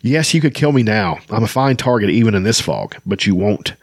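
A man's voice: lowish voice, lively intonation, fairly quick, no room sound, studio quality. A man reading the lines of a cold, cruel, sarcastic male enemy officer in a fantasy novel. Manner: harsh, sarcastic.

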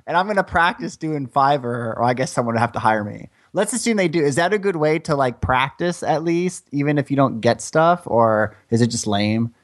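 A man's voice: medium pitch, animated, fairly quick, hardly any pauses. A man hosting a podcast, talking in an upbeat, joking way as he interviews his guest. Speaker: podcast host.

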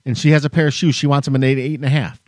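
A man's voice: mid-range voice, little pitch movement, rapid-fire, dry recording, clean studio sound. A man co-hosting a podcast, telling a long story as a heated, profane rant. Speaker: podcast co-host. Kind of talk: casual chat, storytelling rant.

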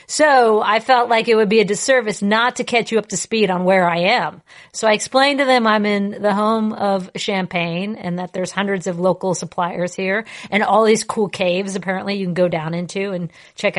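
A woman's voice: mid-range voice, moderate pace. A woman co-hosting a podcast, chatting casually and telling stories with lots of laughter. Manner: playful, laughing, animated storytelling. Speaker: podcast co-host. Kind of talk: casual chat.

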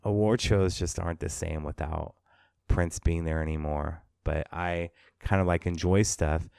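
A man's voice: deep voice, fairly even intonation, measured pace, gravelly, a little mellow, smooth, dry recording, clean studio sound. A man hosting a podcast, chatting casually about entertainment news, with sarcastic asides. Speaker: podcast host. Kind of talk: casual pop-culture chat.

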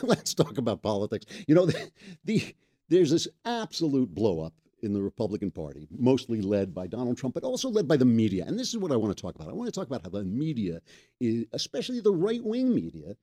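A man's voice: fairly high pitch, warm tone. A man hosting a political talk show, chatting casually and wryly, often laughing at his own jokes. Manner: wry, joking, laughs often. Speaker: podcast host. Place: makeshift studio.

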